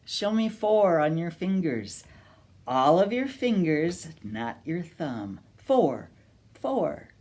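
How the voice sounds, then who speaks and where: Woman, children's librarian, storytime read-aloud, very slow, lively sing-song pitch, coaxing. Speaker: children's librarian reading a picture book.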